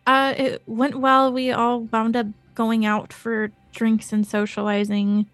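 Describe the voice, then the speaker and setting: A woman's voice: a little high, flat delivery, takes it slowly, dry recording, faint music behind. A woman playing a tabletop game, speaking casually and hesitantly with fillers. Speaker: player.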